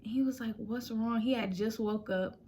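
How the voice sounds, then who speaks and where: A woman's voice: medium pitch, brisk, dark tone, a little hiss or hum. A young woman vlogger chatting casually, retelling a personal story and acting out quotes.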